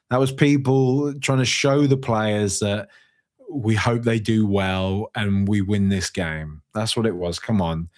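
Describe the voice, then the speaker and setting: A man's voice: lowish voice, measured pace, a little mellow. A man around forty hosting a solo fan podcast on a studio microphone, reading live chat and reacting in an emotional, rambling way with lots of restarts. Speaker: podcast host.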